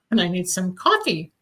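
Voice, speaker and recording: A woman's voice: lowish voice, noisy background. A woman hosting a radio talk show, speaking candidly and rambling through a casual conversation about recovery, with a cough now and then. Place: studio in Los Angeles.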